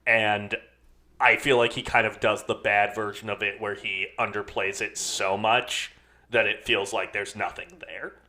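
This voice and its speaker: A man co-hosts a film podcast in relaxed conversation. His voice sits low but comes across bright and forceful. He reasons aloud with hedges and frequent filler words. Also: measured pace. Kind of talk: casual podcast chat.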